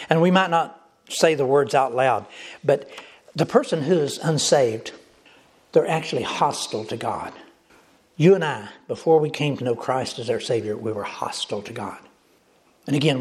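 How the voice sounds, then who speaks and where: A man's voice: mid-range voice, darkish tone. Emphatic male pastor preaching. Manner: emphatic preaching with repeated phrases and direct address to the congregation. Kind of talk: sermon.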